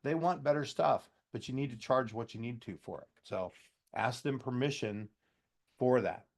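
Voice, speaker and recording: A man's voice: mid-range voice, normal speed, creaky. Folksy man giving a sales training talk. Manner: folksy, loose and conversational, acts out customer dialogue. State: a slight cough. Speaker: trainer for heat pump contractors.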